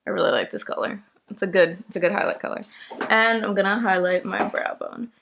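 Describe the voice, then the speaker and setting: Young female vlogger, casual step-by-step makeup talk, mid pitch, easy laughs. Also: sing-song, brisk, gravelly, fairly bright tone, slight background noise. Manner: chatty, step-by-step, laughs easily.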